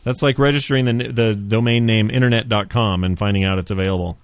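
A man's voice: fairly low pitch, steady tone, quick pace, clear, resonant tone, no room sound. A man hosting a casual comedy talk show, joking and laughing often as he chats and phones a caller. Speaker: show host.

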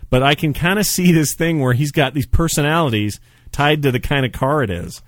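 A man's voice: on the high side, a little fast, no room sound, studio quality. A man hosting a podcast who chats casually and jokes a lot. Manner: jokey, laughing. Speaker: podcast host. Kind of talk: casual chat.

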